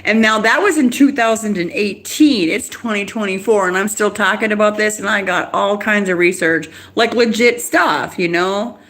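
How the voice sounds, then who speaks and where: A middle-aged woman rambles through a live stream, agitated and quick. She restarts her sentences and laughs between thoughts. Her voice sits at an ordinary pitch for a woman. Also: a bit bright. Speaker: livestreamer.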